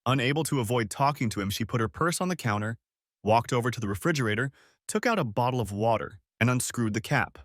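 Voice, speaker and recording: A man narrating a story audiobook with a lively, expressive delivery into a close mic. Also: mid-range voice, fast talker, no room sound.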